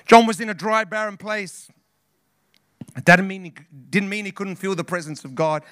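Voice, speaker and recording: A man's voice: high voice, normal speed, fairly bright tone, no room sound, studio quality. A male pastor preaching a sermon with passion, repeating phrases and calling out to the congregation. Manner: impassioned preaching with repetitions and call-outs.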